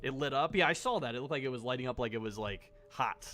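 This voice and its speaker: A man's voice: mid-range voice, quick pace, a bit bright, faint music behind. Sarcastic, jokey male streamer. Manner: sarcastic, jokey, swears often. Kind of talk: casual live-stream commentary.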